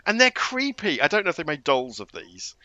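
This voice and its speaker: A man co-hosting a casual film podcast speaks through a close mic, stumbling into his sentences and laughing as he goes. His fairly high voice rises and falls with a lot of animation. The tone is bright and the sound is dry. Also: a little fast, no room sound, dull audio. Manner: animated, stammering restarts, lots of laughter. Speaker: podcast co-host. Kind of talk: casual film-review chat.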